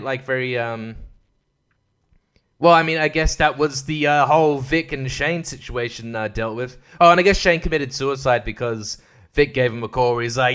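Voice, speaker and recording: A man's voice: fairly high pitch, fairly bright tone, smooth. A man hosting a podcast, ranting casually and exasperatedly about a TV finale, swearing and mimicking the characters. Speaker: podcast host.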